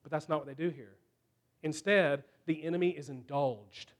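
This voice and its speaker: Male preacher, higher register, deliberate and emphatic sermon delivery. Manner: slow, emphatic preaching with dramatic pauses.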